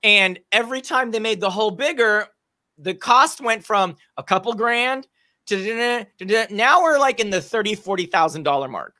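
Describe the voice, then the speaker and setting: Lady spinning a crazy story, gets loud and shouty at the punchlines, bright voice. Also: medium pitch, normal speed, dry recording, studio quality. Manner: animated, builds to shouting peaks at the punchlines. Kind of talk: casual comedic storytelling.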